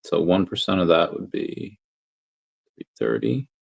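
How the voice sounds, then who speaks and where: Rambling low-voiced man hosting a livestream. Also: unhurried, gravelly, husky. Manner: rambling, thinks aloud with many fillers. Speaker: crypto livestream host. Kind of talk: casual livestream chat reading super chats.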